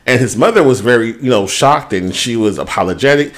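This co-host has a mid-range, expressive voice and speaks fairly quickly. Chatting casually on the podcast, he gives a frank rundown of his week, cursing liberally along the way.

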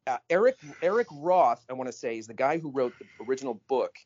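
A man co-hosting a podcast in casual chat, animated and emphatic, often cutting in. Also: medium pitch, slight background noise. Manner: animated, emphatic, quick to interrupt. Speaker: podcast co-host. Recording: slightly dull lo-fi audio.

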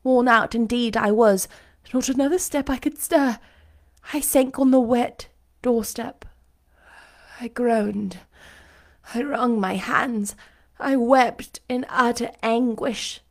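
A woman's voice: fairly high pitch, slow, pauses often. Woman reading a dramatic novel aloud. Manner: dramatic, emotional first-person narration. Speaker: audiobook narrator. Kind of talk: expressive literary reading.

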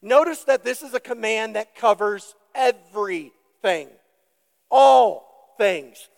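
A male pastor preaching a sermon, deliberate and emphatic, putting questions to the congregation. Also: sits high, vocal fry, in a large hall.

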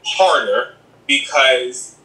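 A man speaking as an interview guest in a casual, sassy, animated chat, calling the listener "girl". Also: mid-range voice, drawn-out words. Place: home in Los Angeles. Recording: echoey room, distant from the mic.

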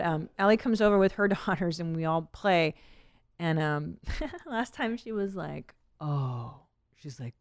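A woman in her thirties hosts a casual podcast with a low voice. She rambles and laughs often. The sound is dry and close, with no room echo. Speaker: podcast host. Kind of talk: casual chat.

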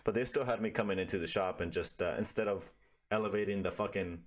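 A man's voice: lowish voice, fast. A man telling a story in casual, profane conversation over a video call, rambling with lots of fillers.

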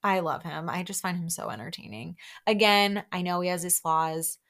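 Young woman podcast host, slightly low voice, gushy casual recap chatter. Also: moderate pace, a bit bright. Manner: chatty, gushing, with frequent "like" and laughs.

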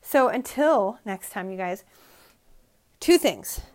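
A woman's voice: mid-range voice, animated, slow, a little mellow. A middle-aged woman hosting a solo motivational podcast from her bedroom, preaching with emphatic repetition and sounding emotionally drained. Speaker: podcast host.

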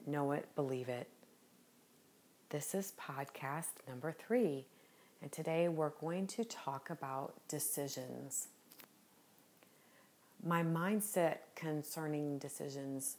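A woman with a low voice hosts a devotional podcast. She talks slowly and gently with an earnest warmth, and a smile can be heard in her voice. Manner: gentle, unhurried and earnest, smiling as she speaks. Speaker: podcast host.

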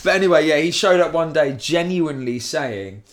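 Young man, higher voice, rambling. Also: expressive, moderate pace. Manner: laughs through his own stories, rambling storytelling. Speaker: podcast co-host. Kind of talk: casual banter.

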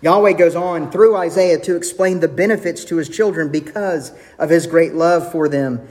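Brief: male pastor, slightly high voice, earnest sermon, church hall reverb. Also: normal speed. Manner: earnest, varies pace, drops to soft intimate tones for quotes.

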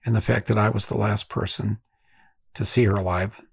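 A man hosts a podcast, telling a story in a reflective, halting manner full of restarts. His voice is low, very husky and gravelly. The sound is dry and close, with no room around it. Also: steady tone, no room sound. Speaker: podcast host. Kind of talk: storytelling monologue.

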